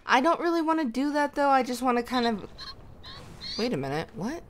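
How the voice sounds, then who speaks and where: A woman's voice: sits high, big pitch swings, fairly quick, slight background noise. A young woman giving casual let's-play commentary, chatting to the animals in her game as if they were her kids. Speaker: gaming YouTuber.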